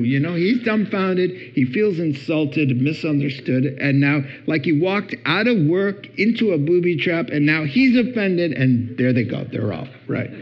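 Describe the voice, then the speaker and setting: A middle-aged man with a fairly high voice gives a humorous talk on marriage to a room. He acts out scenes with big leaps in pitch. The recording is dull and lo-fi. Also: animated, measured pace. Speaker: speaker on marriage.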